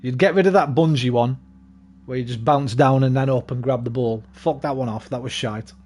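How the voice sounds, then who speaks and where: A man's voice: mid-range voice, normal speed, darkish tone. A young man rambling casually and swearing freely while streaming a game. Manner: rambling, sweary, laid-back. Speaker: gaming streamer. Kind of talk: casual chat while gaming.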